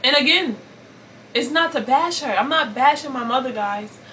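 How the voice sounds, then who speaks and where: A woman's voice: high voice, lively intonation, normal speed, sharp tone, recorded from a distance, a little hiss or hum. A woman in her forties telling an emotional personal story to her viewers, earnest and repetitive, often calling them y'all. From Brooklyn, New York. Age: 40s. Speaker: vlogger.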